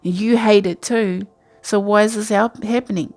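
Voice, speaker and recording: A woman's voice: medium pitch, fairly even intonation, normal speed, darkish tone. A woman giving a casual, rambling tarot reading from home at night, talking in a chatty, intuitive way. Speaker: tarot reader.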